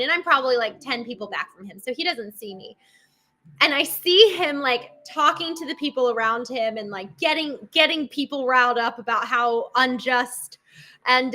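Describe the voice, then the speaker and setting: A woman's voice: sits high, sharp tone. A woman hosting a solo talk show, speaking earnestly and conversationally, often addressing her listeners directly. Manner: earnest, conversational, with many restarts and asides to listeners. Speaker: host.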